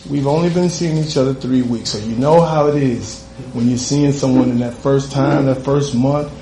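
A man telling a comic, profane story live on stage, with an animated delivery and cheeky asides. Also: mid-range voice, normal speed, roomy sound, background noise. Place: stage in a venue.

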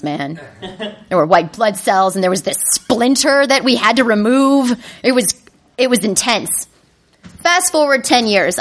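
A woman telling a comedic personal story to a live audience, animated and self-mocking. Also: mid-range voice. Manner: animated, self-mocking, breaks into panicked inner voices.

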